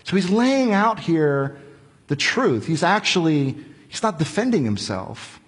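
A male preacher explains scripture in a conversational, storytelling way, his pitch swinging widely and his voice a touch husky. Long reverb from the hall trails behind his words. He leans on rhetorical questions. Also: very animated, a little slow. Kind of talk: expository sermon.

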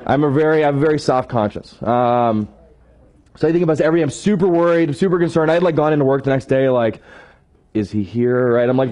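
A man sharing a personal story in a sermon, animated and self-deprecating, often tagging his sentences with questions. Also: medium pitch. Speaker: church staff member sharing a testimony.

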